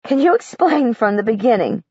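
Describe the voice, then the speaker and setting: A kindly female teacher from a storybook, her voice soft and shaky with worry, as a woman narrator puts her on. The sound is dry and a little dull. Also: a little high, big pitch swings, fairly quick, breathy edge, no room sound, full character voice. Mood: gentle. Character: gentle concerned female teacher, adult.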